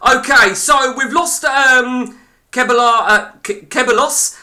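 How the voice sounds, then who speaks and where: Sweary bright-voiced man. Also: very high voice, slow. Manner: blunt and sweary, rambling with many fillers. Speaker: streamer playing a football management game. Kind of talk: live gameplay commentary.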